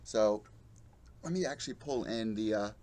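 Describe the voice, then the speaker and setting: A man's voice: on the low side, expressive, moderate pace, a little mellow. A young adult man hosting a live MMA show, ranting bluntly and profanely and mocking the fighters he quotes. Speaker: podcast host. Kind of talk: live-streamed MMA commentary rant.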